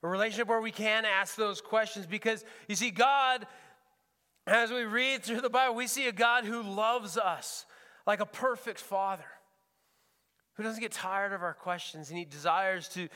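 A man's voice: high-pitched, normal speed, pushed and bright, in a large hall. A man preaching as a pastor, earnest and often repeating words as he searches for the phrasing. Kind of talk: sermon. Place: church sanctuary.

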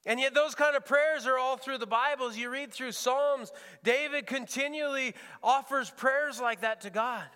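A man's voice: extremely high pitch, normal speed, hardly any pauses, sharp tone, smooth, long reverb tail. A man preaching as a pastor, earnest and often repeating words as he searches for the phrasing. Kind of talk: sermon. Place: church sanctuary.

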